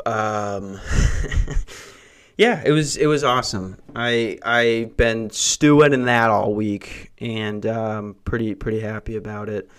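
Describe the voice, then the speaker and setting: A man's voice: medium pitch, fairly bright tone. A young man hosting a podcast, rambling through casual, profane, jokey stories. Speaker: podcast host.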